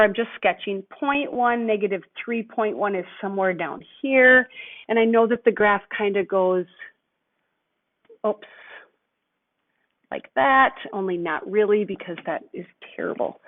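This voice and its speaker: A woman teacher walking through a math lesson step by step, patient and thinking aloud. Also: mid-range voice. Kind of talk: recorded lesson walkthrough. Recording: tinny phone-like audio.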